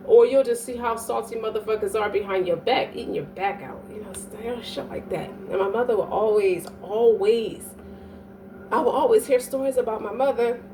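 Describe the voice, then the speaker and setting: A woman's voice: fairly high pitch, normal speed, warm tone. Woman swearing emphatically, mic set back. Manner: profane, emphatic, keeps asking "you dig?". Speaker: astrology reader. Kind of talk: casual monologue reading. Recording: distant mic with faint background noise.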